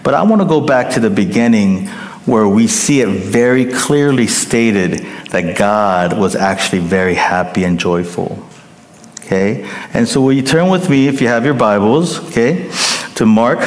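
A man preaching a sermon as pastor, emphatic, rising to loud peaks and dropping to hushed endings, often checking in with the congregation. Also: mid-range voice, animated, a little slow. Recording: long hall reverb.

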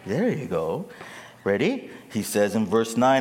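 A male preacher gives an animated, slightly slow sermon with wide swings in pitch, calling on the crowd to answer back. His voice carries long reverb in a large, echoey hall.

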